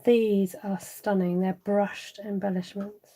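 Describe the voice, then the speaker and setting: Speaking slowly in a warm, mid-range voice with flat delivery, a middle-aged woman runs a live stamping craft tutorial. She's chatty and laughs a lot, reading out and answering viewer comments as she works, though the audio is poor.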